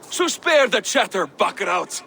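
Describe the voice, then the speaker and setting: A brash, boastful Viking warrior speaks in a very high voice. Clear background noise runs under his lines. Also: sing-song, slow, pushed and bright, heavily acted. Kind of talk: video game voice acting.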